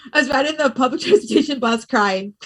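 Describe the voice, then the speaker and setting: A woman from the US East Coast speaks as a podcast guest with a fairly high voice. She tells her stories in an animated, expressive way, often laughing mid-sentence. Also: fairly quick. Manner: animated storyteller, expressive, laughs while talking. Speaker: podcast guest, fitness business owner. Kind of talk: casual conversational interview.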